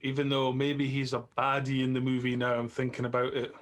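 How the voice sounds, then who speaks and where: A man's voice: mid-range voice, completely flat delivery, fairly quick. A man chatting and joking with friends on a film commentary track over a video call. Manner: joking, teasing. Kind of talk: casual commentary chat.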